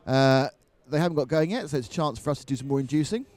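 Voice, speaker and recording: A man's voice: medium pitch, fast talker, a little mellow. A man commentating live on a model car race, mixing race calls with jokey banter.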